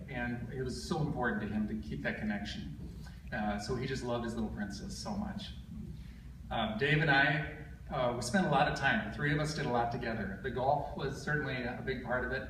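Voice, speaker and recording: A middle-aged man delivers his father's eulogy at a funeral, pausing often to gather his words and leaning on gentle humor. His voice is of ordinary pitch. It carries from a distance through an echoey hall, with a steady hiss of background noise. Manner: halting, with frequent filler pauses and gentle humor. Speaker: son giving a eulogy.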